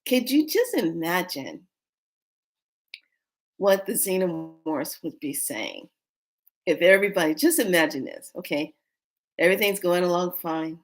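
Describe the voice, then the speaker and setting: A woman vlogger telling a story in a casual way, animated and often breaking into laughter. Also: on the low side, measured pace, long pauses.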